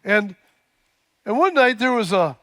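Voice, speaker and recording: A man's voice: high-pitched, big pitch swings, a little slow, bright, forceful tone. A man preaching a sermon as pastor, telling a story with fillers and repeated words before building to emphatic peaks.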